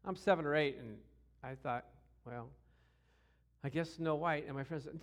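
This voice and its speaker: Man preaching, storytelling sermon, middle-aged, fairly high voice, animated delivery. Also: normal speed, long pauses. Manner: animated, acts out quotes with shouts and growls.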